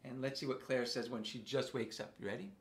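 A man's voice: mid-range voice, fairly even intonation, fairly quick, a little hiss or hum. A man leading a playful interactive music lesson for young children, coaxing them to join in with a sing-song delivery.

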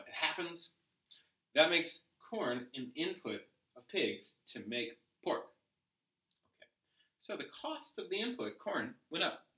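A man gives a lively classroom economics lecture, tossing out rhetorical questions. His voice is bright and a little high, and it sounds roomy and echoey, as if caught from across the room. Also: recorded from a distance. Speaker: teacher. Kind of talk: economics lecture while drawing graphs.

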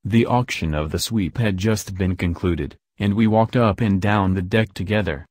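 A man reading an audiobook in a steady, even storytelling voice. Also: sits low, normal speed, dry recording, studio quality. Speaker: audiobook reader. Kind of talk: scripted audiobook narration.

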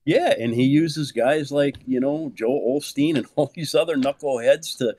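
A man in his fifties, a pastor, talking in an animated preaching way, swinging from low murmurs to loud, high exclamations and leaning on "man" for emphasis. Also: normal speed, no echo. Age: 50s. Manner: peppers speech with "man", repeats words for emphasis.

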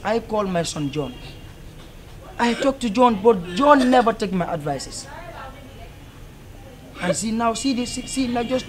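An actor playing a fatherly elder who reassures the families and lectures on heeding elders' advice. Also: high voice. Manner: moralizing, reassuring, repetitive. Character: fatherly elder preaching to parents and youth. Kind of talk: low-budget film drama. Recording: noisy location audio.

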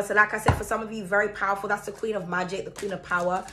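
A woman's voice: mid-range voice, fairly even intonation, very fast, music in the background. A woman from the Caribbean giving a chatty, emphatic tarot reading, speaking straight to the viewer. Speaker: tarot reader.

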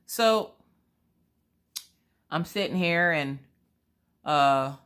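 A woman, chatting casually while she crafts and telling rambling, animated stories about her family. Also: deep voice, drawn-out words, clear, resonant tone. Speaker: crafting vlogger.

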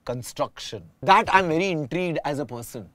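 A man speaks as an interview guest, thinking out loud in long, winding sentences. His voice sits a little high for a man. The recording is dry and close. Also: lively intonation, fairly quick, dry recording. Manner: reflective, explains at length with restarts. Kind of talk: casual conversation.

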